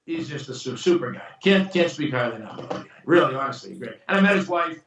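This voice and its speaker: A screenwriter and producer, interviewed about his work, talks fast in a medium-pitched voice. He tells stories casually and animatedly, acting out the voices of the people in them, and the recording sounds roomy, as if he's distant from the mic.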